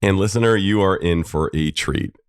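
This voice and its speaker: A middle-aged man hosting a podcast, telling family stories in a lively way and laughing now and then. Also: sits low, moderate pace, clear, resonant tone, dry recording, studio quality. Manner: warm, laughing storytelling. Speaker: podcast host, psychologist. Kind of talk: personal storytelling.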